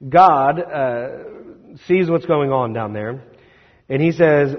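Husky-voiced man preaching in an echoey hall. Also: medium pitch, takes it slowly. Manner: conversational storytelling with rhetorical questions. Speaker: pastor. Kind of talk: sermon. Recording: echoey hall, slightly dull.

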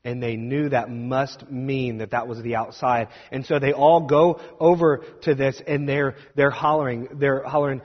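A man preaching and telling a story dramatically, swinging between loud and hushed. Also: medium pitch, fairly even intonation, unhurried, hardly any pauses. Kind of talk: sermon storytelling. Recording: dull sound with long hall reverb.

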